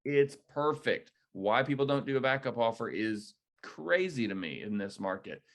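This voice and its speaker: A man leading a real estate agent training, coaching in a direct, energetic way. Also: lowish voice, moderate pace. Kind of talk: training debrief talk.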